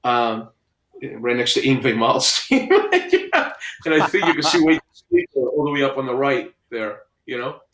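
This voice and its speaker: In an echoey home studio lined with framed records, a middle-aged album cover artist shares stories during a casual interview. His mid-range voice is unhurried, he animatedly acts out what others said, and crowd noise can be heard.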